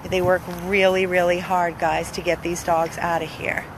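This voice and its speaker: A woman's voice: fairly low pitch, flat delivery, moderate pace, noisy background. A woman filming a dog rescue for viewers, cooing baby talk to an old dog and speaking earnestly to the camera. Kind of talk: casual vlog, talking to camera and to a dog. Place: outdoors by a car, then inside the car.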